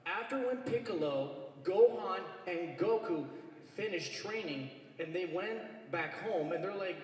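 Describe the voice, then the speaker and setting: An eager male fan rambles through a long question at a microphone, his voice on the high side. It sounds distant and echoey, carried through a large convention hall. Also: unhurried, a little mellow. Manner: rambling, eager, many fillers. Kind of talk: audience question at a panel.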